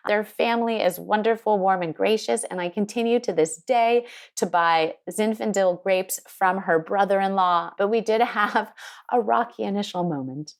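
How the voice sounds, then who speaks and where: A woman winemaker telling an animated story in an interview, acting out the people she quotes. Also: medium pitch. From United States. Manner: lively, quotes people in put-on voices. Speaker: winemaker guest. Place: her home in Sonoma County.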